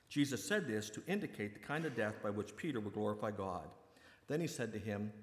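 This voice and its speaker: A man's voice: fairly low pitch, normal speed. Man preaching in an echoey hall. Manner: conversational, animated retelling. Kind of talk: storytelling sermon. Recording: echoey hall with long reverb.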